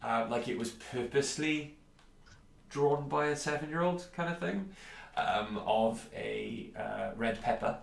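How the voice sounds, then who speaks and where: A man in the middle of the male pitch range narrates a tabletop game, easygoing and hesitant. There is a roomy echo with faint background noise. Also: measured pace, gravelly. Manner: relaxed, hesitant with fillers. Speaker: game master.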